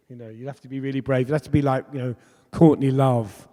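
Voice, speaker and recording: A man's voice: on the high side, fast talker, warm tone. A man in his fifties, a pop musician telling stories in an onstage conversation, chatty and laughing often. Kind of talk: candid storytelling in an onstage conversation. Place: festival talk in a hall. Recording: long hall reverb.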